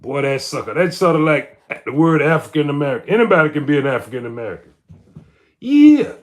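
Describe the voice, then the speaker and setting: This livestream host talks fast in a voice on the high side, ranting through casual commentary. He's emphatic, goes over his points again and again, and keeps tacking "man" onto his lines.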